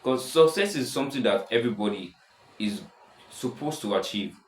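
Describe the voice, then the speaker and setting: A seventeen-year-old boy with a deep voice, rambling casually in a self-improvement vlog, full of restarts. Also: animated, normal speed, roomy sound, slight background noise, rough recording. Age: teens. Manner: rambling, many restarts and "stuff like that". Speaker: vlogger.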